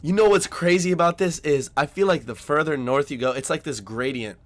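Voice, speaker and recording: A man's voice: fairly high pitch, brisk. Chatty American man reacting. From United States. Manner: amazed, chatty, trails off quietly. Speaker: reaction video host. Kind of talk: casual reaction commentary.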